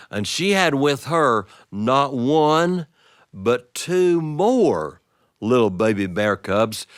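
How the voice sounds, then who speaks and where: Expressive male storyteller. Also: fairly low pitch, no room sound, studio quality. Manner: expressive, drawn-out pauses and lively vocal play. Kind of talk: told personal story for an audience.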